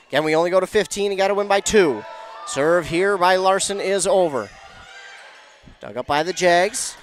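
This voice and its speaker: A man giving excitable play-by-play commentary on a high school volleyball match, shouting on big plays. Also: moderate pace, slight background noise.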